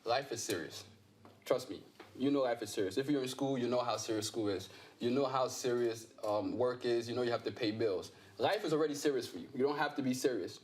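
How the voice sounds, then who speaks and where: A man's voice: medium pitch, a little fast. A man being interviewed as a comedy guest, talking in a playful, joking way with lots of fillers. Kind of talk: casual interview chat.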